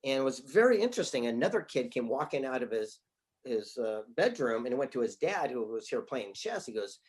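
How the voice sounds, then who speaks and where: A man, an author and speaker, answering interview questions with animated stories and acted-out dialogue from his office. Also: medium pitch, fast talker. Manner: animated storyteller, acts out quoted dialogue.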